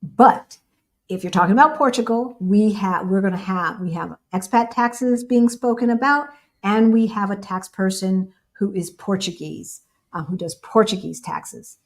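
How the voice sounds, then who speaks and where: Speaking at a medium pitch and moderate pace, this American woman shares co-hosting duties on a relaxed livestream with her partner. She's from the United States and spends the stream chatting and responding to questions from viewers.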